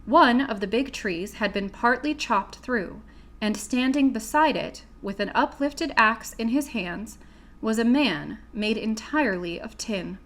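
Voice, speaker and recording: A woman's voice: a little high, unhurried. Woman reading a storybook aloud. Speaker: audiobook reader. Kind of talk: storybook narration.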